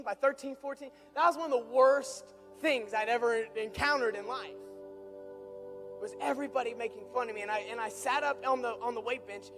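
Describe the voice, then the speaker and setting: A young man preaching through an animated personal story, building from quiet asides to excited shouts. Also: extremely high pitch. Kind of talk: storytelling sermon.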